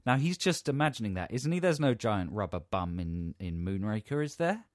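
Teasing male radio host, lively pitch. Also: normal speed, dry recording, clean studio sound. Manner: playful, teasing, giggly. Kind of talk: comic radio banter. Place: radio studio.

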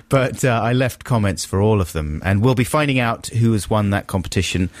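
Playful radio host, lively pitch. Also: male voice, moderate pace, dry recording. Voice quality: laughs often, animated delivery. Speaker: radio presenter. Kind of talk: casual radio banter. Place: radio studio. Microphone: studio microphone.

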